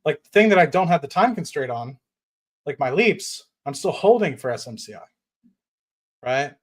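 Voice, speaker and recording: Man, streamer, rambling and fired up, fairly high voice. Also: big pitch swings, moderate pace. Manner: rambling, many fillers and restarts; fired up, standing while talking. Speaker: livestream host. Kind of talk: casual livestream chat about investing.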